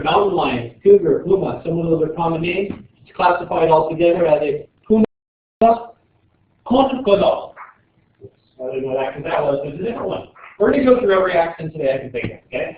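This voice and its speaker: A man's voice: on the high side, slight background noise. Man lecturing in an echoey classroom. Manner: joking, rambling, animated. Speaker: biology teacher. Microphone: far camera. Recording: distant, echoey, tinny classroom camera audio.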